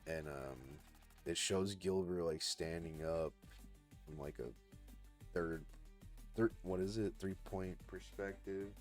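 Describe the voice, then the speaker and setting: A man's voice: low voice, slow, long pauses, soft background music. A young man casually retelling a story on his live art stream, rambling with lots of fillers and swearing. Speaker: livestreaming artist.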